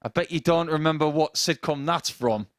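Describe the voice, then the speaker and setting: A man's voice: fairly high pitch, normal speed, no echo, clean studio sound. A man commentating on darts, chatty and joking with his co-commentator. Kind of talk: live sports commentary with banter.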